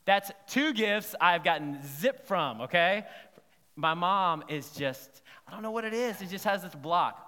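A man delivers a sermon with a bright, slightly high voice. He is lively and chatty, often asking his listeners whether they follow him. His voice rings with the long reverb of a large hall. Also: a little slow. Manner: lively, conversational, checks in with the congregation. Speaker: pastor. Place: church sanctuary.

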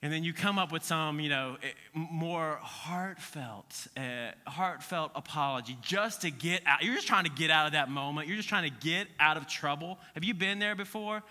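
Bright-voiced man telling animated stories. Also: a little high, fairly quick, few pauses, big-room sound. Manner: animated storyteller, acts out quoted voices. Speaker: podcast co-host teaching scripture. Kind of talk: casual podcast Bible teaching.

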